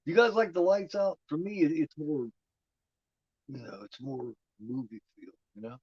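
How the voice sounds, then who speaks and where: A man's voice: on the high side, moderate pace, darkish tone, husky, no room sound, dull audio. Chatty, profane man talking over a movie. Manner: chatty, profane, talks back at the screen. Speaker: watch-along commentator. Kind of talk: casual movie commentary.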